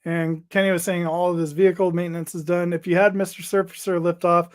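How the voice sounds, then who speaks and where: A man with a high-pitched, level voice hosts a casual hobby livestream. He chats loosely and rambles in a halting way, reading viewer comments aloud and trailing off into restarts.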